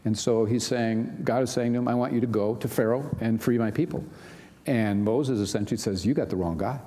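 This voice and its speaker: A man's voice: mid-range voice, fairly even intonation, brisk, dark tone. Conversational male pastor in a reverberant hall. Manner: conversational, many "you know" asides. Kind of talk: sermon.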